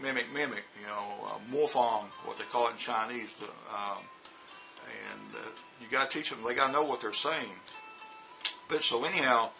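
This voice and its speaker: A man's voice: mid-range voice, bright, forceful tone, rough recording. A middle-aged man vlogging in a casual monologue about teaching, rambling, repeating words and using lots of fillers. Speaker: vlogger and former teacher in China.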